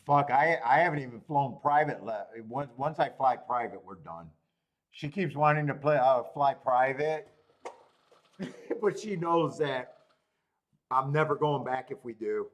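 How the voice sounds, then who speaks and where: A man's voice: medium pitch, animated, a little slow. A man hosting a live horse racing betting stream, chatting casually with viewers, swearing freely and laughing at himself often. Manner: profane, self-mocking, laughs often.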